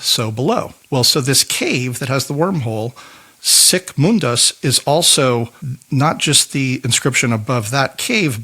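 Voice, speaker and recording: A man co-hosts a podcast and walks his partner through a prepared explanation. His delivery is conversational and steady, partly read from notes. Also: mid-range voice. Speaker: podcast co-host.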